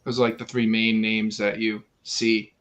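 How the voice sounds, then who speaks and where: A man's voice: on the low side, monotone, normal speed, fairly bright tone. A man co-hosting a podcast in casual chat, chiming in and agreeing readily. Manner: chiming in with agreement, laughs easily. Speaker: podcast co-host.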